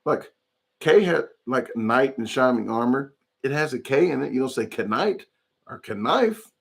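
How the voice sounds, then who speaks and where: A man's voice: medium pitch, very animated, unhurried, vocal fry, husky. Rambling man chatting on a livestream. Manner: rambling, chatty, reads chat comments aloud. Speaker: livestream host. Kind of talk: casual livestream chat.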